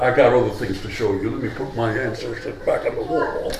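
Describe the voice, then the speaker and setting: A man's voice: medium pitch, brisk, few pauses, a little mellow, slight background noise. A male preacher giving a sermon in a conversational way, putting questions to his congregation. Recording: echoey hall, mic at a distance.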